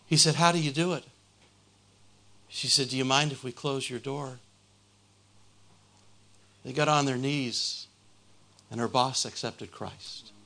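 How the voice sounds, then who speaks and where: A man's voice: mid-range voice, a little slow, gravelly, pauses often, bright, forceful tone. A man preaching a sermon, retelling a conversion story and building to a fervent appeal.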